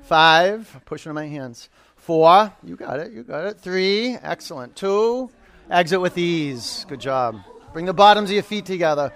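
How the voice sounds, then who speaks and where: A man's voice: high-pitched, expressive, normal speed. A man leading a live yoga class, calling poses, counting down holds and encouraging students. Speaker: yoga instructor.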